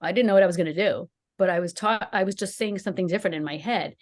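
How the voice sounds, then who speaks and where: A podcast co-host tells a personal story in casual chat, acting out the quotes with animation. Her voice is on the low side with a darkish tone, and she speaks fast.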